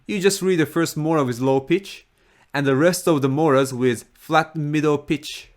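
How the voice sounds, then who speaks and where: A man with a Japanese accent who speaks Japanese as his first language, explaining a language point in a careful teaching manner and repeating example words slowly. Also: fairly high pitch. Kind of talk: slow, careful lesson explanation.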